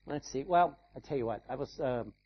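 A male pastor delivering an animated sermon, acting out little scenes and calling for amens. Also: mid-range voice, a little fast, lo-fi sound. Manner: animated preaching with acted-out asides.

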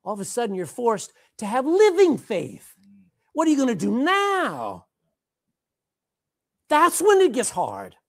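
A woman preaching a sermon, dramatic and animated, repeating phrases for emphasis and swinging between loud and hushed. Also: fairly high pitch, measured pace, long pauses, no echo, studio quality.

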